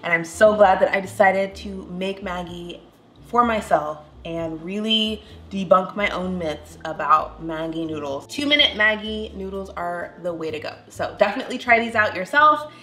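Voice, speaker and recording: A young woman hosting a casual cooking vlog, chatting warmly as she cooks and tastes food with bubbly enthusiasm. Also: mid-range voice, normal speed. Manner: bubbly, enthusiastic, tasting aloud. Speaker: cooking vlogger.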